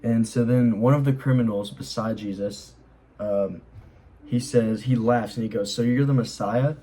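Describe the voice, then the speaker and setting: A man's voice: on the low side, steady tone, measured pace, warm tone, slightly rough, rough recording. A young man explaining a Bible chapter in a casual, earnest way, rambling with lots of fillers as he reads and comments. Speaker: Bible study host.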